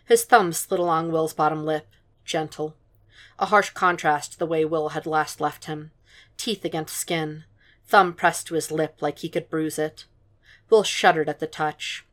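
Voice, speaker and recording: A woman reading fan fiction aloud as an audiobook, in a soft, hushed, unhurried way. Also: low voice, steady tone. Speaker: podfic reader.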